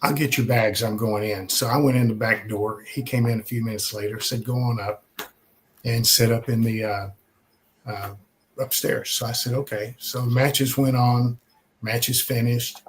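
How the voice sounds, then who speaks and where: An older man from Texas, telling stories in a casual way with many pauses and restarts. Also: mid-range voice, fairly even intonation, slight background noise. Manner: conversational, many "uh" and repeated starts. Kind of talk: casual storytelling.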